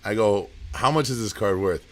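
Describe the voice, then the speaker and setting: A man's voice: fairly low pitch, fairly bright tone. A man who owns a comic shop, running a live auction and telling rambling shop stories in casual chat. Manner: rambling storyteller, quick asides.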